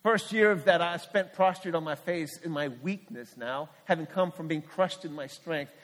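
A man's voice: on the high side, moderate pace, fairly bright tone. A middle-aged man, a missionary pastor, giving a candid testimony in a sermon at church, telling his story earnestly with frequent restarts. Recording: long hall reverb.

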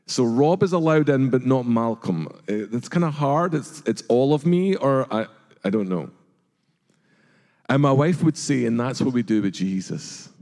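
Middle-aged male preacher, warm mellow tone, earnest sermon delivery, long church reverb. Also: medium pitch, expressive, moderate pace. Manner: earnest, rhetorical questions, acts out quoted voices. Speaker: pastor. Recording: long reverb of a large hall.

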